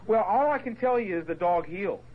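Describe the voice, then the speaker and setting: A man from the Portsmouth, Virginia area telling his conversion story to a group, storytelling with lively voiced quotes and asides. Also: sits high, brisk, muffled recording, slight background noise. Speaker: speaker giving his testimony. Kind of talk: animated personal testimony to a group.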